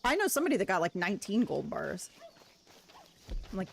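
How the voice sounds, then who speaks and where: A woman's voice: mid-range voice, very animated, brisk, creaky. Chatty, giggly woman streaming a game. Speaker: gaming streamer. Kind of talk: casual livestream commentary. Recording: noisy stream audio.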